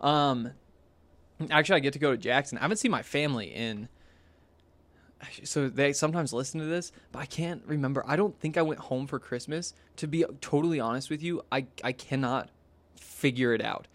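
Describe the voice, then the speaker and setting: A man's voice: medium pitch, brisk, no echo. A young man hosting a solo podcast in a casual, rambling way, full of fillers and restarts. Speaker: podcast host.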